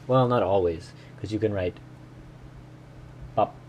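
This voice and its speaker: A man recording himself while learning Korean, thinking aloud and repeating phrases slowly in a casual way. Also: fairly low pitch, a little mellow, slight background noise. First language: English.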